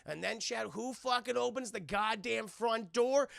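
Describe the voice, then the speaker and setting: Streamer dude recapping a cartoon, swearing a lot, gravelly voice, pitch swinging all over, dry sound. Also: male voice, unhurried, few pauses, no room sound. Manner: profane, animated, addresses chat, laughs often. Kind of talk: casual recap.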